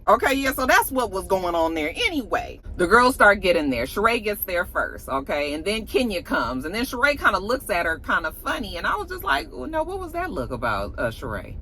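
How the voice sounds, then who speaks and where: Animated gossipy woman recapping TV. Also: fairly high pitch, slight background noise. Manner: chatty and gossipy, with animated asides. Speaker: reality TV recap host. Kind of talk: casual chat.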